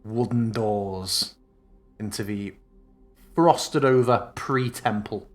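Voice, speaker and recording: Male dungeon master, relaxed narration, easy laughter. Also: lowish voice, slow pace, soft background music. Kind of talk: narrating a tabletop game.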